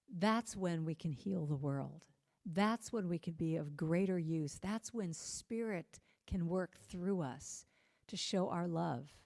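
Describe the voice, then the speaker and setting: Gentle American woman in a reverberant hall. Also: on the low side, creaky. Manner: gentle, earnest, slows down on key phrases. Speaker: musician and inspirational speaker. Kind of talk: spiritual talk with sung chant.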